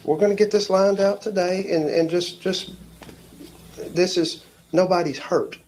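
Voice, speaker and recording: A police officer with a Southern US drawl questions someone gently. He repeats his reassurances over and over in a slightly higher-pitched voice. A faint hum of ambience sits behind him. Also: steady tone, unhurried, poor audio. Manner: soothing, repetitive reassurance. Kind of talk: calm interrogation.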